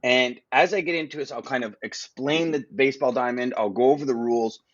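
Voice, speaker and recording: A man, a guest in a casual podcast conversation, talking in an animated storytelling way with frequent restarts. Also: mid-range voice, a little fast, no echo, highs cut off. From Canada. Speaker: guest, freight broker.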